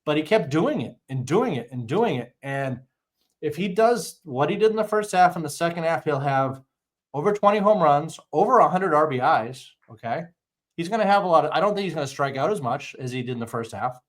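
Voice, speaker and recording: A man's voice: a little high, brisk. A man co-hosting a casual sports podcast, ranting and swearing as he tells his stories. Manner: profane, ranting, animated storytelling. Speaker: podcast co-host.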